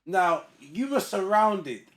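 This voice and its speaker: A man hosting a podcast interview, eager and casual, with lots of quick agreement. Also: sits high, sing-song. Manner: eager, repetitive, lots of backchannel yeahs. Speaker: podcast host.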